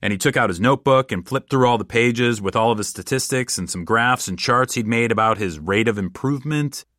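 A man telling a comic first-person story in a deadpan, rambling, casual way. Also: medium pitch, fairly quick, no room sound, studio quality.

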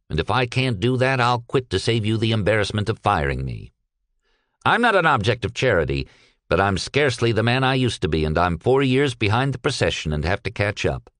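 An earnest, cheerful young veteran, as a man reading the story puts him on. He speaks politely and with confidence, his voice a little raised and lively. The sound is dry and close. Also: mid-range voice, dry recording, voice pushed up. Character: cheerful young one-armed ex-soldier.

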